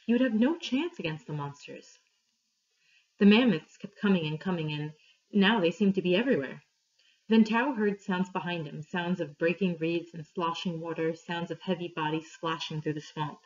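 A woman reading a story aloud to her class, clear and steady, pausing for questions. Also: on the low side. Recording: dull lo-fi recording.

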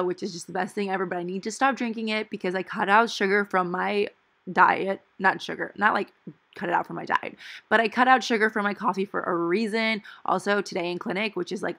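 In a relaxed voice-over while planning, a dental hygiene student and planner vlogger in her twenties chats her way through the week, adding playful asides. Her voice is mid-range, creaky and a bit bright, with fairly even intonation and a fairly quick pace.

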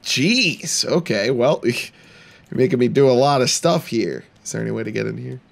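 A man's voice: medium pitch, animated, normal speed, creaky. A young man giving playful let's-play commentary, laughing often and mock-taunting the characters in the game. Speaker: gaming channel host.

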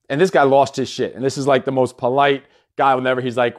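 A man's voice: mid-range voice, lively intonation, normal speed. A man giving a blunt, heavily profane motivational monologue as a business and fitness coach. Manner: blunt and heavily profane, with sudden loud emphatic peaks.

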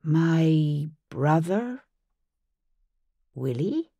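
A woman's voice: lowish voice, sing-song, takes it slowly, darkish tone, no room sound, dull audio, full character voice. A woman voicing a curious, sympathetic grown daughter in an audiobook, speaking in a tentative, inquisitive way. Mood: puzzled. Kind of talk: audiobook character voice.

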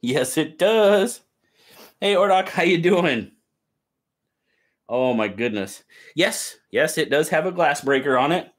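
A man's voice: fairly high pitch, animated, a little slow, long pauses, fairly bright tone. Upbeat man hosting a live stream. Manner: upbeat, greets viewers by name. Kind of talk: casual live stream chat.

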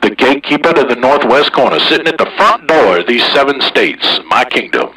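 A man talking casually over a CB radio, boastful and folksy, with a slow drawl. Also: medium pitch, animated, pushed and bright, slightly rough, recorded from a distance, low-quality recording. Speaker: CB radio operator hosting the channel.

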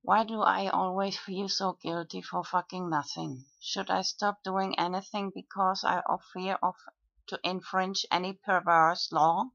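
A woman video blogger talking through her own comments in a monologue, with frequent pauses and fillers. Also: lowish voice, fairly even intonation, vocal fry, fairly bright tone, no echo. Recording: dull lo-fi dry recording.

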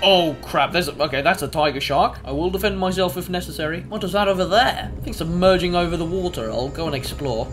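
A young man giving excitable, swear-filled let's play commentary as a YouTuber. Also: high voice, fast talker, few pauses, music in the background. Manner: excitable, swears a lot, bursts into yelps. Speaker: gaming YouTuber.

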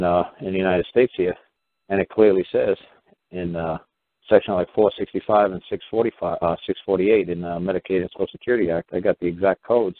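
A man's voice: low-pitched, a little hiss or hum. A man talking at length in a rambling, casual way, full of fillers and repeated words. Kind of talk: casual rambling call-in talk. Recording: tinny phone line.

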